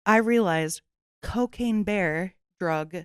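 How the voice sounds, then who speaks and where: A woman's voice: medium pitch, very slow, smooth, no echo, clean studio sound. A young woman hosting a podcast in casual chat, playful, laughing often and swearing freely. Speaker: podcast host.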